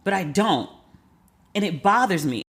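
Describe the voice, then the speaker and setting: A woman podcast host telling a story in a candid, casual way, swearing freely and acting out what people said with sharp jumps in pitch. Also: measured pace. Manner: candid and profane, acts out quotes with lively jumps in pitch.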